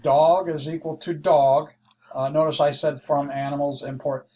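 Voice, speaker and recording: A man teaching a programming lesson, walking through code slowly and thinking aloud as he explains. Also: fairly high pitch, little pitch movement, warm tone. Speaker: programming instructor. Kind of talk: screen-share coding lesson. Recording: dull lo-fi mic with faint hiss.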